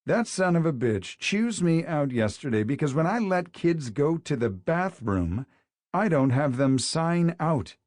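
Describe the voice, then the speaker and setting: A man's voice: fairly high pitch, big pitch swings, a little slow, a little mellow, dry recording, clean studio sound, voice pushed up. A man voicing a grumpy male teacher in a bad mood, muttering and irritable. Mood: grumbling. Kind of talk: audiobook character voice.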